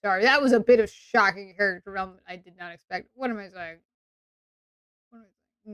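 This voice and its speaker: A woman's voice: medium pitch, a bit bright, smooth, no room sound, studio quality. A woman with an English accent, chatting sarcastically and playfully on a role-play stream. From England. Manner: sarcastic and playful, quick asides.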